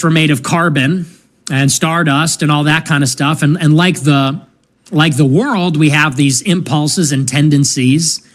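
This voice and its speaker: Man lecturing in a higher voice. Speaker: commentator in a played clip. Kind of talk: philosophical monologue.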